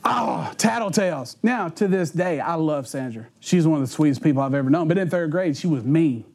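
A man's voice: fairly high pitch, a little fast, gravelly, husky. A man preaching a sermon, telling funny stories, acting out voices and sound effects and laughing often as he talks. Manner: animated, acts out voices and sounds. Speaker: pastor. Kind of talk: sermon with humorous storytelling.

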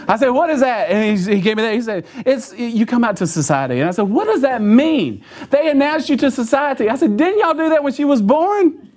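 A man's voice: very high-pitched, sing-song, brisk, darkish tone. A man preaching a sermon in a church, telling funny stories about himself and laughing at his own jokes in a folksy, self-mocking way. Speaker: pastor. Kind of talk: sermon with humorous storytelling. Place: church sanctuary.

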